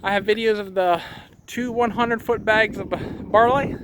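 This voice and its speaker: A man's voice: sits high, steady tone, normal speed. A man, a cattle farmer, talking casually to camera outdoors on his farm, plain-spoken and rambling, a bit out of breath. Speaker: cattle farmer and channel host. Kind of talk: casual vlog talk to camera. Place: outdoors on a farm in high wind. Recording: outdoor recording with clear wind noise.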